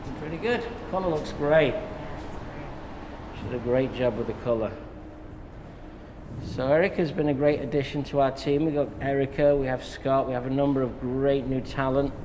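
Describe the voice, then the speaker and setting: An English hairdresser talks through a haircut while he works, easygoing and chatty between snips. His voice carries a long reverb from a hard-walled salon. Steady background noise sits under it. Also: mid-range voice, moderate pace. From England. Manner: relaxed, jokey, talks while cutting. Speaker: hairdresser demonstrating a cut. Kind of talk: live haircut tutorial with banter.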